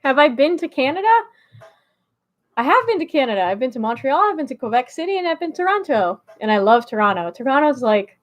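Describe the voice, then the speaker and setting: A woman chats casually on a relaxed live stream, answering her viewers one by one. Her voice sits high, and her manner is bubbly and friendly, with frequent laughter between lines. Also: quick pace, highs cut off. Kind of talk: casual chat reading a live chat.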